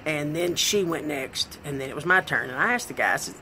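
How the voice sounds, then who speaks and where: A woman vlogger telling a comic personal story, animated and self-deprecating, laughing as she goes. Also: low-pitched, fairly quick, hardly any pauses, slight background noise, poor audio.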